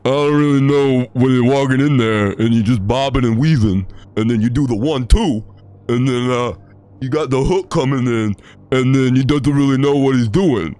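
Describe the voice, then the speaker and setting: A man's voice: mid-range voice, normal speed, mellow, natural voice. Rocky, a man mimicking a slurring boxer. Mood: rambling. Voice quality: slurred, lip-pulled mumble. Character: mumbling, slurring male movie boxer. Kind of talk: comic impression.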